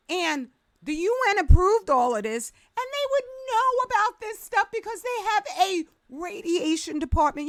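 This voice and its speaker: A woman's voice: sits high, fairly bright tone, no room sound, studio quality. A woman vlogger delivering a passionate, emphatic commentary rant, sarcastic at times.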